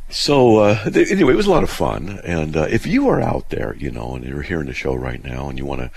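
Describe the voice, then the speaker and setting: A man hosting a call-in radio show, telling a story in a lively, animated way with many restarts. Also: very deep voice, brisk, vocal fry, slight background noise, low-quality recording. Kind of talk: casual call-in radio talk.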